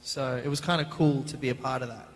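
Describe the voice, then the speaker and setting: A man, answering fan questions as a guest actor on a convention panel, chatty and animated, recorded on a handheld mic in a large hall. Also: mid-range voice, fast. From Australia. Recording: reverberant hall.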